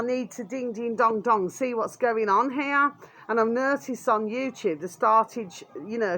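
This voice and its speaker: A woman's voice: fairly high pitch, a bit bright. A British woman vlogger ranting angrily to her channel, swearing constantly and falling back on the same filler again and again. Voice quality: swears constantly, repeats "there we are" as a filler; coarse and blunt. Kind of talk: angry ranting vlog.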